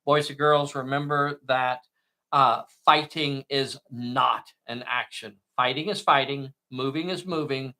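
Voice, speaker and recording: A man's voice: medium pitch, steady tone, unhurried, pushed and bright. A man hosting a solo tabletop game, narrating the action with play-by-play enthusiasm and often addressing viewers as boys and girls.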